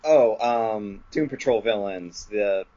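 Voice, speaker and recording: A man guesting on a casual comic book podcast, chatty and quick to add asides. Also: lowish voice, lively intonation, dark tone. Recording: dull lo-fi audio.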